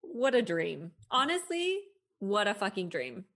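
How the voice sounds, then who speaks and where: A young adult woman co-hosting a podcast in casual chat, expressive, laughing often and swearing casually. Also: mid-range voice, unhurried. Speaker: podcast co-host.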